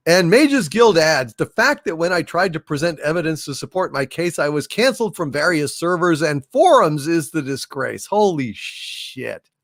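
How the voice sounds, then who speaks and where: A man's voice: fairly high pitch, sing-song, fairly bright tone, no echo, clean studio sound. A man hosting a casual livestream, hailing and thanking viewers by name as he reads their messages aloud. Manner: hails and thanks viewers by name, drawn-out unhurried delivery. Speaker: livestream host.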